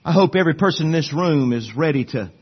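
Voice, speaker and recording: A man preaching a sermon as a pastor, swinging between soft low asides and loud rising exhortation. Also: expressive, fast talker, slightly rough, muffled recording.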